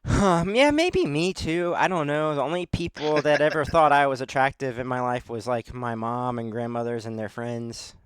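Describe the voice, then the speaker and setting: A man's voice: medium pitch, normal speed, few pauses, clean tone, no room sound, clean studio sound. A man hosting a podcast in casual chat, rambling and self-deprecating, with lots of fillers. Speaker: podcast host.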